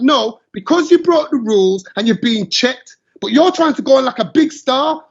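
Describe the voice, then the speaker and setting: A high-voiced man rants with passion, dropping into patois as he builds his case. The recording is muffled and lo-fi. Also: expressive, a little fast, slightly rough. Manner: passionate, ranting, slips into patois. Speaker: show host. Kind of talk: heated opinion chat. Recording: dull lo-fi sound.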